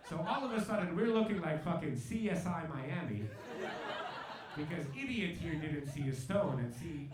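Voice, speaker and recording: A man's voice: a little high, very echoey, recorded from a distance. A man performing a stand-up comedy set, telling stories and acting out the people in them. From Hungary and South Africa. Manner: animated storytelling, acts out other people in quoted bits. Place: live comedy venue with a laughing audience.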